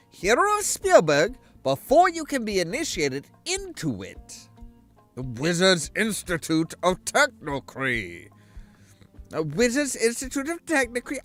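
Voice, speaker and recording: A man's voice: very high voice, a bit bright, full character voice. A man voicing a jolly, scatterbrained old male archmage in a fan reading of a game, gleeful and pompous.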